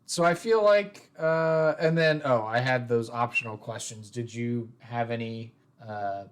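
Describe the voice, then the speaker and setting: A man's voice: medium pitch, measured pace, slight background noise. A man hosting a tabletop role-play podcast, talking casually with lots of fillers and restarts. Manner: rambling, filler-heavy. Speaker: podcast host and game master. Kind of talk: casual chat.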